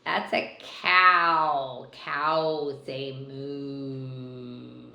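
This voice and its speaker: An older woman, a grandmother, reading a picture book to a small child, asking gentle questions and making animal sounds. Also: low-pitched, slow pace, reverberant.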